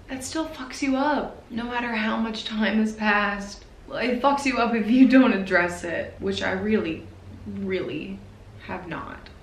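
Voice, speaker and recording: A woman in her twenties talking to camera in a personal vlog, nervous and emotional, speaking haltingly. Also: medium pitch, reverberant, slight background noise, rough recording. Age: 20s. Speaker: vlogger.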